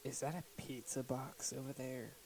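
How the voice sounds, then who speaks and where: A man's voice: medium pitch, steady tone, normal speed, darkish tone, a little hiss or hum, natural voice, poor audio. A man playing a hungry, neglected little boy who shows up at the door late at night, whiny and hesitant. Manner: whiny, childlike, hesitant with ums.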